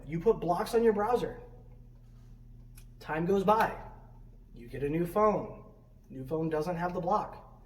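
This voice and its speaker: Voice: mid-range voice, darkish tone. A student ministry leader giving a conversational youth sermon in a church sanctuary, asking many questions and often adding "right?". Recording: roomy sound from a distant mic, faint noise.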